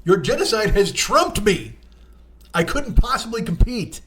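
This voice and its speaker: Profane rambling comedian telling a story. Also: male voice, high-pitched, very animated, measured pace, noisy background. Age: 40s. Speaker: podcast host, comedian. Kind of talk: comic storytelling monologue.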